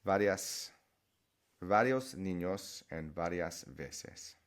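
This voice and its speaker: A deep-voiced man explains word patterns in a relaxed, chatty teaching voice. He keeps checking in with the listener and restates points as he goes. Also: takes it slowly. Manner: chatty, encouraging, repeats and restarts while explaining. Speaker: Spanish teacher. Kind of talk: explaining vocabulary to camera.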